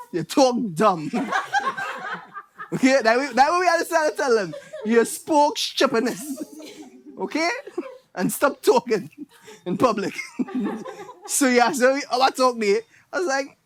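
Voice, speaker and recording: A man's voice: extremely high pitch, a little slow, long pauses. A man with a Trinidadian accent performing a stand-up comedy set, telling stories and mimicking his relatives. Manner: animated storytelling with impressions of relatives.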